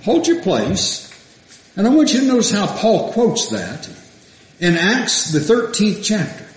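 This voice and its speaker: Slow, echoey preacher with animated delivery. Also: male voice, high-pitched. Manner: animated, rising to emphatic peaks then dropping to soft asides; reads scripture aloud and questions the listeners. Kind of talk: sermon. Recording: echoey room.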